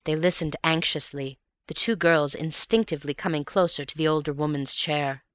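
Low-voiced lady reading an audiobook, very expressive, dry. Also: normal speed, dry recording. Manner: expressive storytelling. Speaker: narrator. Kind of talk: audiobook narration.

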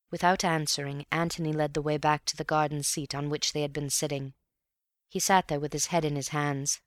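A woman reads a story aloud with steady, clear narration. Her voice sits low, and the recording is dry with no room sound. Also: moderate pace, no room sound. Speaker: audiobook narrator. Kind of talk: scripted narration.

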